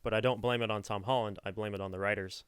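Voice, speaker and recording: A man's voice: on the low side, steady tone, fast talker, fairly bright tone, clear, resonant tone, no room sound. A young man co-hosting a podcast, talking through his opinions at length in a casual chat. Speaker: podcast co-host.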